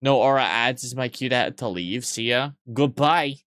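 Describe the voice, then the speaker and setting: A man's voice: medium pitch, animated, normal speed, fairly bright tone, no echo, studio quality. A man live-streaming and joking crudely with his chat, sleep-deprived yet weirdly awake, in a playful teasing manner.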